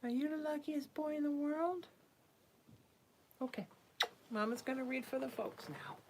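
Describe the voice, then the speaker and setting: A woman's voice: high voice, normal speed, background noise. A woman hosting live psychic readings who chats casually and coos baby talk to her cat, sometimes dropping to a whisper. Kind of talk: casual live-stream chat.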